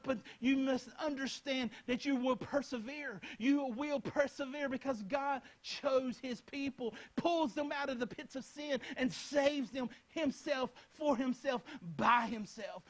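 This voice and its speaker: A man's voice: very high-pitched, fairly even intonation, a little slow, low-quality recording. A young man preaching a Bible lesson, speaking earnestly and repeating phrases as he addresses his listeners directly. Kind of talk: Bible teaching talk.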